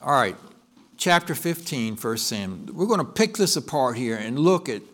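A male pastor delivering a sermon, telling a story in an animated way and often correcting himself mid-sentence. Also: medium pitch, moderate pace. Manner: animated storytelling, with frequent restarts and self-corrections.

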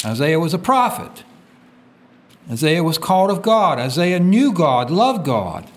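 A man's voice: very animated, measured pace, slight background noise. A man preaching a sermon, reading scripture aloud and asking his listeners to fill in the words. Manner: call-and-response questions, reads scripture aloud; swings from loud emphatic peaks to quiet low drops.

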